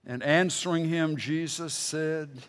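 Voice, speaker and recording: A middle-aged male preacher delivering a sermon at an unhurried, deliberate pace. His voice sits a little higher than most men's, and he swings from loud, emphatic bursts to low, hushed readings of scripture. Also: steady tone.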